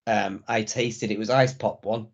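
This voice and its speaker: A man's voice: on the low side, fairly even intonation, unhurried. A man co-hosting a casual wrestling review, rambling and restarting his sentences often. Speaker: wrestling podcast co-host. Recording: dull lo-fi sound.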